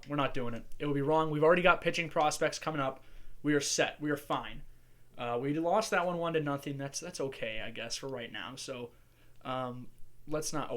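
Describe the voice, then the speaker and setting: Casting: man, slightly high voice, casual chatty gameplay commentator thinking out loud. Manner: chatty, musing aloud while playing. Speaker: gaming channel host.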